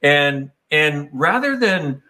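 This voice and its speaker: A man's voice: on the high side, sing-song, slow, pushed and bright. A man talking casually and reflectively, meandering through his points. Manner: meandering, reflective, slips into playful quoted voices. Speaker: speaker on personal growth. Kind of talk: casual conversational talk.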